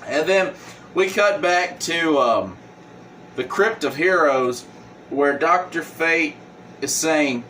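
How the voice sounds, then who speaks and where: A man's voice: fairly high pitch, expressive, slow pace, sharp tone, distant mic, slight background noise. Rambling man retelling a comic. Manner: rambling, with fillers. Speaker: comic book reviewer. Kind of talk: casual retelling.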